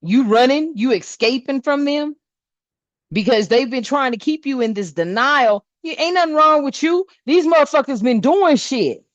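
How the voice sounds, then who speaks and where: A woman doing a spiritual reading in a casual vlog, talking bluntly with lots of swearing and lively storytelling. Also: high-pitched, moderate pace, no room sound. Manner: blunt, profane, animated storytelling. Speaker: spiritual reader. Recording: dull, dry sound.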